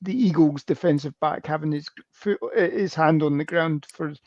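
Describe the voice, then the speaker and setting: A man co-hosting a sports podcast, rambling and emphatic with a mellow, somewhat higher voice. The recording is dull and lo-fi, and dry with no room sound. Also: normal speed, dry recording. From United Kingdom. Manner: rambling, emphatic, swears mildly. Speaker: co-host. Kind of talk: casual sports podcast chat.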